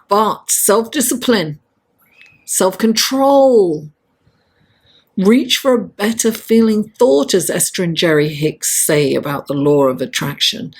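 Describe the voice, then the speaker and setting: A woman giving a chatty, encouraging tarot reading straight to her viewers, laughing often and speaking in a lively, motivational way. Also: medium pitch. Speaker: astrology and tarot reader. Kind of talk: casual tarot reading to camera.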